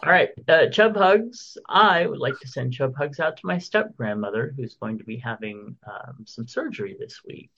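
A man's voice: medium pitch, big pitch swings, moderate pace, creaky, few pauses, pushed and bright, husky, dull audio. A man co-hosting a podcast in casual chat, reading out birthdays and listener messages. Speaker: podcast co-host.

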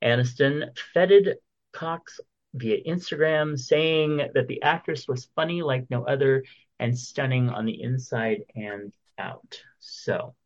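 A man's voice: medium pitch, slow pace, highs cut off. A man co-hosting a casual chat show, reading entertainment news in a rambling, jokey way and stumbling over names.

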